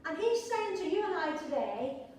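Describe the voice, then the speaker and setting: Woman preacher, high voice, chatty sermon with jokes; distant mic, very echoey church. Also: big pitch swings, moderate pace, a little mellow, a little hiss or hum. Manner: conversational with playful asides. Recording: echoey church hall from far off.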